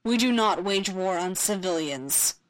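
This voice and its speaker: A woman's voice: medium pitch, expressive, a little slow, lightly acted, low-quality recording. Woman reading as a stern jedi master guy, formal and firm, storybook.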